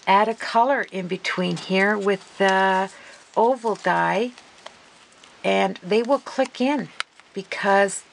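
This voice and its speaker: Slow, gushing woman with a gravelly voice. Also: medium pitch, slight background noise, low-quality recording. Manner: gushing, excitable, talks to viewers while working. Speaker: craft vlogger. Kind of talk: casual craft demonstration.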